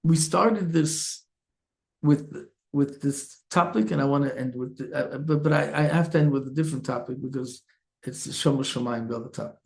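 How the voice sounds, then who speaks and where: A man's voice: mid-range voice, moderate pace, gravelly. A man, a rabbi, telling a story in a sermon and acting out its characters with many restarts. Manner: animated storyteller, acts out characters, frequent restarts. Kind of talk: Torah talk, storytelling sermon.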